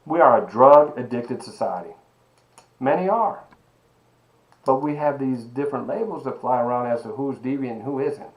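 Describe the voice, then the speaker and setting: A man teaching an online sociology lecture, animated and emphatic, asking rhetorical questions and calling his students baby. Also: mid-range voice, normal speed, low-quality recording. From Miami. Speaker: sociology professor.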